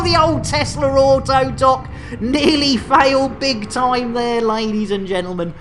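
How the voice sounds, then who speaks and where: A woman's voice: sits high, unhurried, soft background music. A British woman hosting a gaming livestream, chatting and joking with her audience and laughing often as she goes. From United Kingdom. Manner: jokey and chatty, laughs often, repeats catchphrases. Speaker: game streamer host. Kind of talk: casual gaming livestream chat.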